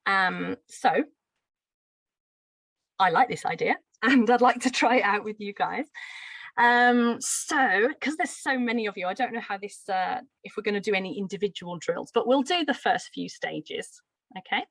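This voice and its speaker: Teacher with a Birmingham accent. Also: female voice, medium pitch, lively intonation, moderate pace, gravelly, fairly bright tone, no echo, low-quality recording. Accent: Birmingham (Brummie). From Birmingham, England. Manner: friendly, explanatory, with light laughs. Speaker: teacher trainer. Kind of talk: live teacher-training lesson.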